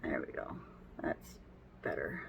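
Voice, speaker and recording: A woman's voice: slow, noisy background. A woman chatting casually at home while doing her makeup, rambling, with frequent laughs. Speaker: beauty vlogger. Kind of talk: casual get-ready-with-me chat.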